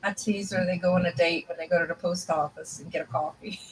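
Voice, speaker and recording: A woman co-hosting a casual chat, teasing her friend with quick replies. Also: fairly low pitch, steady tone, far from the mic, a little hiss or hum, poor audio. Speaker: co-host.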